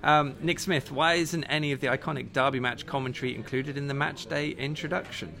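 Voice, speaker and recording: A man's voice: medium pitch, steady tone, a little fast, creaky, sharp tone. A man hosting a live football fan show in a pub, chatting jokily and reading out viewers' questions. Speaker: host.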